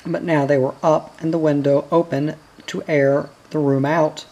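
A reader calmly reading a children's novel aloud in measured storytelling. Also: medium pitch, highs cut off. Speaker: audiobook reader.

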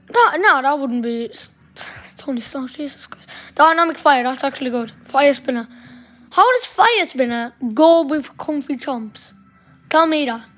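A woman's voice: high voice, a bit bright. A woman giving casual, rambling gameplay commentary, chatty and swearing mildly as she goes. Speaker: gaming streamer.

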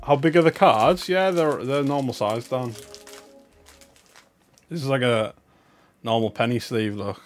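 Glum North East English lad opening cards. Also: male voice, medium pitch, unhurried, pauses often, faint music behind. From North East England. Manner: glum, self-mocking, chatting to viewers. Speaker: card-opening streamer. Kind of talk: casual livestream chat.

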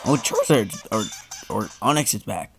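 A casual gameplay commentator, excitable and teasing, joking through the match. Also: mid-range voice, moderate pace. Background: game music.

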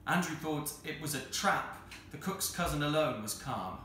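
A man reads a children's novel aloud in an expressive, measured way. His voice is bright. The very roomy hall carries a faint hiss. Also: a little high. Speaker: storyteller. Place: arts centre hall.

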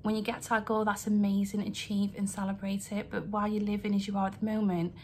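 A woman's voice: mid-range voice, little pitch movement, fast talker, darkish tone, a little hiss or hum. A young adult woman speaking earnestly to camera from her home, rambling and apologetic as she talks through her feelings. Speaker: vlogger. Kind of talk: emotional vlog rant to camera. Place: home, indoors.

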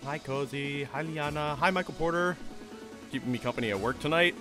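Excitable male game streamer, bright voice. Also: on the high side, fairly quick, faint music behind. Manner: excitable, chats with viewers, bursts into shouts. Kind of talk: live gameplay commentary.

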